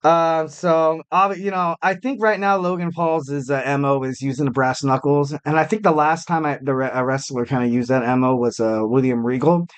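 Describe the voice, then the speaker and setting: A man's voice: fairly high pitch, fairly even intonation, normal speed, hardly any pauses, clear, resonant tone. Chatty man hosting a wrestling podcast. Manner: chatty, many fillers and restarts, jokey self-mockery. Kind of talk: casual podcast commentary.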